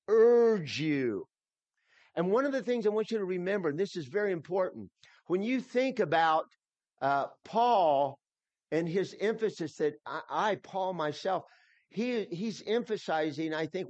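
A man's voice: high-pitched, dry recording. A man preaching an expository sermon, emphatic and repeating himself, with frequent restarts. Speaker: pastor.

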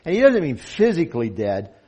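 A man's voice: a little high, huge pitch swings, fairly quick, dark tone, slightly rough. A male pastor preaching a sermon in an earnest way, often repeating himself and restarting phrases. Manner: earnest, with frequent repetitions and restarts. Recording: dull lo-fi recording.

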